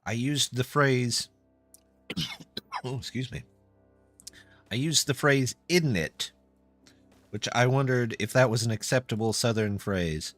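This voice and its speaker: A man's voice: medium pitch, unhurried, long pauses, fairly bright tone, dry recording, faint music behind. A man live-streaming a game and chatting casually with viewers, answering their comments in a loose, self-deprecating way. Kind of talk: casual live-stream chat while gaming.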